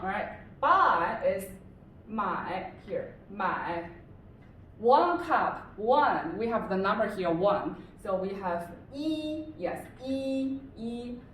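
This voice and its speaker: A woman's voice: medium pitch, fairly bright tone. A woman teaching a beginner Chinese class, patiently repeating words and checking understanding with "right?". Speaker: Chinese language tutor. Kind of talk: classroom lesson. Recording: roomy echo from far off with faint noise.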